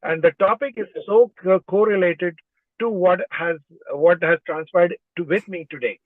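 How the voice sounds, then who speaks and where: A man's voice: high voice, moderate pace, no room sound. Man on a tinny call line. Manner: hesitant starts, then explanatory. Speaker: caller on video call. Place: in a car. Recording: tinny dry phone-like call audio.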